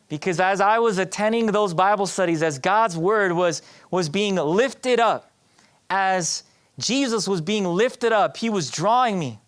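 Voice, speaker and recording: A man's voice: high-pitched, smooth. Man sharing a conversational church testimony. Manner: conversational, addresses the audience directly; hesitant restarts with fillers. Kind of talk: personal testimony to a church audience.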